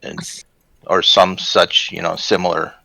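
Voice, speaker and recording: A middle-aged man telling family stories in a casual, animated chat. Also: sits low, a little slow, gravelly, dry recording, low-quality recording. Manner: chatty, animated when quoting others.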